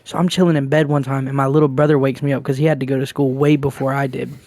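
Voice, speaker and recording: A man's voice: mid-range voice, little pitch movement, quick pace, darkish tone, dry recording. A young man co-hosting a podcast, telling crude, rambling stories in casual chat. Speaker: podcast co-host.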